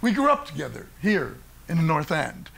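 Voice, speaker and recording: An older man telling a true story on stage in an animated way, often laughing between lines. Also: a little high, moderate pace, vocal fry, slightly rough. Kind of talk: theatrical solo storytelling.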